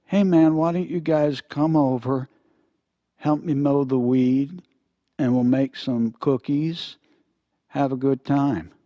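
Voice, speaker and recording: A man's voice: medium pitch, fairly even intonation, takes it slowly, dark tone, no room sound, voice pushed up, close to an everyday voice. An older man voicing a friendly young man who cheerfully invites his friends over. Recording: dull, lo-fi dry recording.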